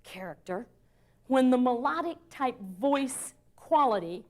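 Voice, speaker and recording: A woman's voice: high-pitched, expressive, unhurried. A woman on an old instructional tape, coaching a group with short, encouraging prompts.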